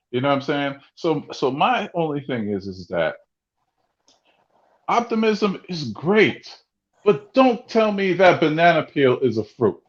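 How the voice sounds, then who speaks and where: A man's voice: a little high, muffled recording. A man arguing hard about basketball in a heated podcast debate, often repeating himself. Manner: loud, ranting, repeats words. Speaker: podcast co-host.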